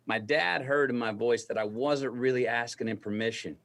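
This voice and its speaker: A middle-aged man, a guest telling a story in an interview, slow and deliberate as he acts out remembered dialogue. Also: medium pitch, a bit bright.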